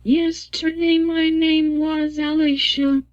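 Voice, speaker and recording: A synthetic text-to-speech voice speaking as a woman, robotic and monotone. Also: sits high, takes it slowly, muffled recording. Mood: flat.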